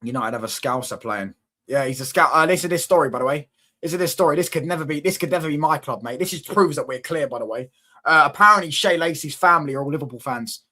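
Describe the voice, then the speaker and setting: He talks fast, his fairly high voice bright and forceful, as he runs a casual football live stream. This young host trades banter with viewer comments, says things over and over, and keeps asking if you see what he means.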